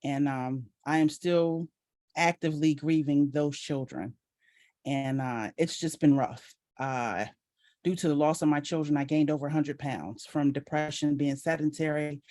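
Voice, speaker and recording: A woman's voice: sits low, warm tone. A middle-aged woman giving a heartfelt personal testimony on a video call, earnest and emotional, her voice swelling with gratitude. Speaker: team member sharing her story.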